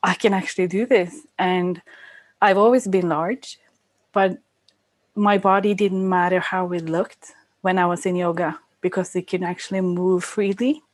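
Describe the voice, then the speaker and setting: A woman's voice: on the low side, steady tone, measured pace, no echo. A Norwegian-accented woman from Norway, a yoga teacher answering interview questions in a hesitant way with frequent ums and uhs. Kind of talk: casual interview.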